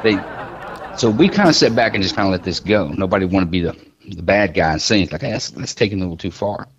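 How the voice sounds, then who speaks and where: A man's voice: low-pitched, animated, quick pace, dull audio. A middle-aged man chatting casually as a podcast guest, rambling and joking through his stories with many restarts. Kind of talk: casual chat.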